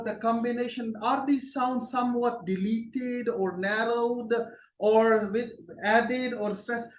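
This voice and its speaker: A man lecturing on linguistics to a class, speaking in a slow, halting way, often praising the students and pausing with fillers. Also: very high-pitched. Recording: echoey room, distant from the mic, faint background noise.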